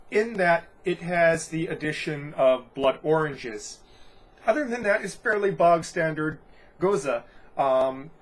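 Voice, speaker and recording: A man giving a casual beer review, talking in a rambling way and often correcting himself. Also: a little high. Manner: rambling, self-correcting, chatty.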